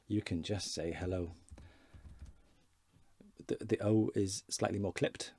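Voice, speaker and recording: A man giving an informal beginner language lesson, slowly modelling words for learners to repeat. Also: lowish voice, steady tone, darkish tone, husky, no echo. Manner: slow, careful pronunciation drills. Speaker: Welsh language teacher.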